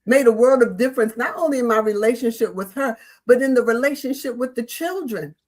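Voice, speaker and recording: A woman on a panel telling a school story in a lively, animated way. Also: a little high, a little fast. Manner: animated storyteller, acts out quoted voices. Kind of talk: casual panel talk.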